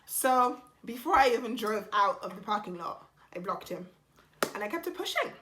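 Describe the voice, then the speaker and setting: A young woman vlogger telling a casual storytime, animated and exasperated, blunt and quick to swear. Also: medium pitch, background noise.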